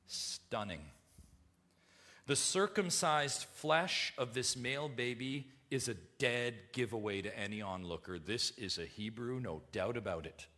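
Male pastor, higher-pitched, sharp bright voice; emphatic, repeats lines, goes from hushed to loud. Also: expressive, moderate pace. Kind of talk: sermon.

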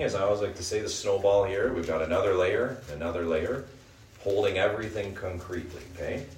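A man leading a Bible study group, teaching and often checking in with the group by asking "right?". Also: deep voice. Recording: echoey room, mic at a distance, faint noise.

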